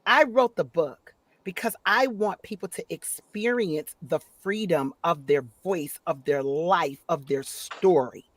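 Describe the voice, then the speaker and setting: A woman chatting as a guest author on a video call from her office, telling stories in an expressive, upbeat way. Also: on the low side, a little slow, dry recording. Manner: expressive, upbeat storyteller who acts out quotes. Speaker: guest, author and voice-over talent. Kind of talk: casual interview chat. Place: home office.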